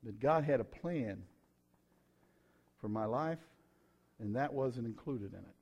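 A middle-aged man, preaching his own testimony in a folksy, emphatic way with sudden loud bursts. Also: medium pitch, lively intonation, slow, pauses often, breathy edge. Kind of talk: sermon testimony.

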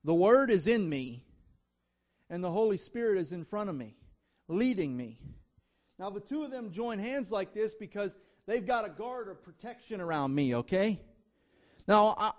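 Man, high voice, preacher, sermon to a congregation, emphatic, rhythmic lists, direct address. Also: darkish tone. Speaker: guest preacher. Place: church before a congregation.

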